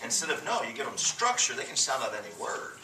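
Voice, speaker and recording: A man's voice: mid-range voice, sing-song, fast, recorded from a distance. A man teaching a church class, an emphatic and joking storyteller who leads the group in call-and-response. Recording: roomy room mic from afar, faint noise.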